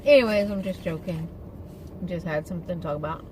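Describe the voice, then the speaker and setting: A woman's voice: on the low side, a little fast, noisy background. A woman chatting casually in her car on an eating-show vlog, rambling along with fillers and asides. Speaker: vlogger. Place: inside a parked car.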